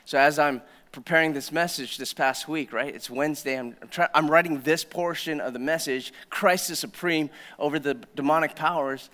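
Guy pastor preaching in church, high voice, goes quiet then loud and punchy. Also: moderate pace, hardly any pauses. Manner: storytelling, swings from hushed to loud and emphatic. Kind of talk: sermon. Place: church sanctuary.

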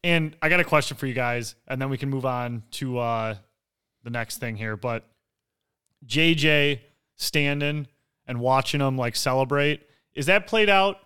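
A young man co-hosting a casual sports podcast, telling stories with loud acted-out quotes and lots of swearing. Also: medium pitch, unhurried, smooth. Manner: animated storyteller, acts out quotes loudly, swears freely. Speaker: podcast co-host.

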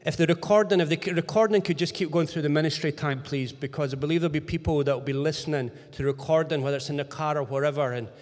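A man's voice: a little high, fast talker, hardly any pauses, a little mellow. A man pastoring a church service, reading scripture and giving directions to the congregation and tech team. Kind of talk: leading worship service. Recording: reverberant church hall with music.

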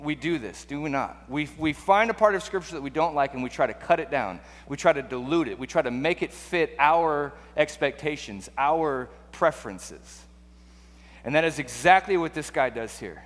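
A man's voice: fairly high pitch, animated, moderate pace, fairly bright tone. A man preaching a sermon in a conversational way, full of rhetorical questions and restarts. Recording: long hall reverb.

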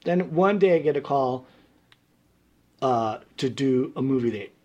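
A man from New York telling stories as a guest in a casual interview, animated and chatty, laughing often. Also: medium pitch, a little slow, dull audio. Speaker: guest musician.

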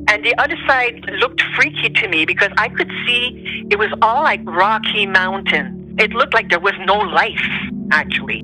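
A woman's voice: mid-range voice, low-quality recording. Emotional Quebec French-accented woman storyteller. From Montreal, Canada. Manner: emotional, animated, voice rising on quoted speech. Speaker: storyteller guest. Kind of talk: personal storytelling.

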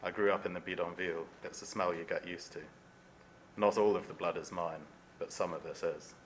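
A man reading as a teenage boy trapped alone in the dark, in a solemn, measured reading voice with no put-on accent. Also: sits low, steady tone, a little hiss or hum, close to an everyday voice. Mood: haunted. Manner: solemn, measured reading in his own unaccented voice. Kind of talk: reading aloud from a novel.

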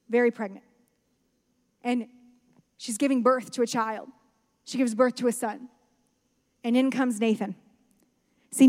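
High-voiced woman pastor preaching in a hall. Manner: impassioned preaching that swings between hushed and loud emphatic. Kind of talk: sermon. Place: church sanctuary.

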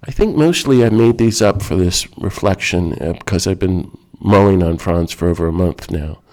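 A man's voice: sits low, normal speed, a little mellow. A man giving a reflective talk in an earnest, emphatic way.

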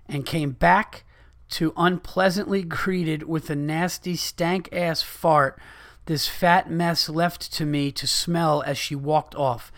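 A man's voice: a little high, a bit bright. A man in his thirties hosting a podcast, ranting in a heated, profane comedic way and often restarting his sentences. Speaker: podcast host.

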